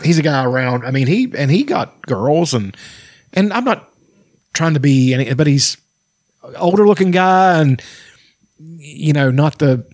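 A man's voice: a little high, lively intonation, unhurried, pauses often, darkish tone, no room sound, studio quality. Rambling, profane man. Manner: rambling, profane, laughs often. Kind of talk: casual chat.

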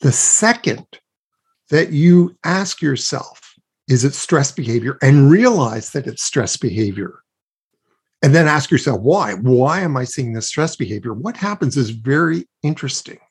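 Guy with a kinda husky voice explaining stuff patiently, asks himself questions out loud. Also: medium pitch, lively intonation, unhurried. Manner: earnest, explains with examples and rhetorical questions. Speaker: guest expert on child self-regulation. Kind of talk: explanatory interview talk.

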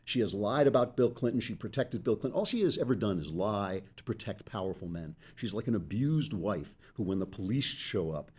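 Man, middle-aged, commentary host, low mellow voice, emphatic, sarcastic. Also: lively intonation, brisk, hardly any pauses, slightly rough. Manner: emphatic, sarcastic, interrupts himself with asides. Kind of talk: opinionated monologue.

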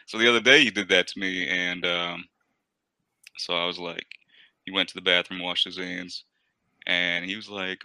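A man with a deep, smooth, soothing radio-like voice, chatting casually and telling stories about his young kids with easy laughter. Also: moderate pace, pauses often, no echo. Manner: relaxed storyteller, laughs often. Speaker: parent in group chat. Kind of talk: casual chat.

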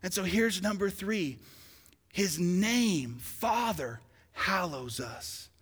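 A male pastor preaching a sermon, shifting from conversational asides to loud, emphatic calls to the congregation. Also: sits high, animated, takes it slowly, breathy edge, long reverb tail. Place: church sanctuary.

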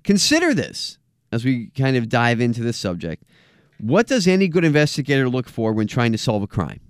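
A man's voice: mid-range voice, wildly swooping pitch, normal speed, clean tone, no echo, clean studio sound. A man hosting a podcast in casual chat, joking and stressing his points with emphasis. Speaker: podcast host.

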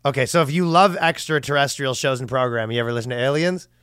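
A man's voice: mid-range voice, fast, fairly bright tone, clear, resonant tone, no echo, studio quality. A man co-hosting a comedy podcast, chatting casually and reading quotes in mocking voices. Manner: reads quotes aloud in mocking voices, laughs often. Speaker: podcast co-host.

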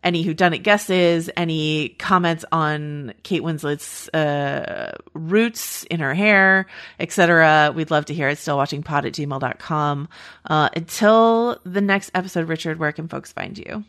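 A woman with a lowish voice co-hosts a podcast in casual, rambling chat. She laughs easily and drifts into side remarks before circling back. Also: measured pace, a bit bright, smooth. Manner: chatty, laughs easily, trails off into asides. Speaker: podcast co-host.

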